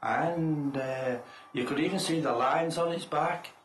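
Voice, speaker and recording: An older man, a retired coal miner, reminiscing in casual conversation, unhurried and full of fillers. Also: a little high. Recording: roomy echo, faint noise.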